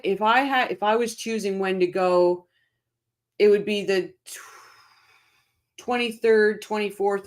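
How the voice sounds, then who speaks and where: Chatty middle-aged woman hosting a livestream. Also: medium pitch. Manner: chatty, reads comments aloud, frequent restarts. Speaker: livestream host. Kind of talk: casual livestream chat reading viewer comments.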